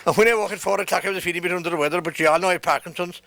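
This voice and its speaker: A high, bright-toned Irish man reciting a cheeky rhyming story. He rolls through the verse with a storyteller's swing, pausing so each punchline can land. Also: gravelly, no room sound. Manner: rhyming, bawdy, punchline-driven delivery. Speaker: comic storyteller. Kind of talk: comic recitation to a pub audience. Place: pub function.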